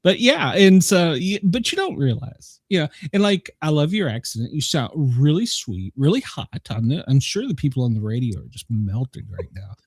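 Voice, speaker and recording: A middle-aged man hosts a casual podcast chat, telling stories with lots of laughter. His voice is husky, with a pitch that swings around a lot. The recording is dry and close. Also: moderate pace, few pauses, no echo. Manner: chatty storyteller, laughs often, animated. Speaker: podcast host.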